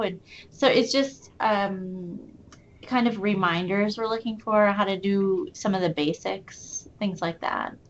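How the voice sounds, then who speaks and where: A woman's voice: mid-range voice, normal speed. Woman, casual webinar participant, muffled call audio with faint hiss. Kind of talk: casual chat. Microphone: computer mic on video call.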